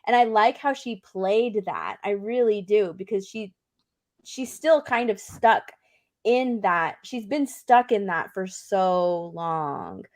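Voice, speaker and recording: A woman's voice: medium pitch, expressive, slow pace, darkish tone. A woman co-hosting a casual chat, enthusiastic and giggly, often stumbling and restarting her words. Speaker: podcast co-host.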